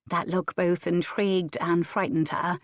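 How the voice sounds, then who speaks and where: Narrating a historical romance audiobook from a script, a woman keeps an even, measured storytelling pace. Her lowish voice comes through in a dry, clean studio recording.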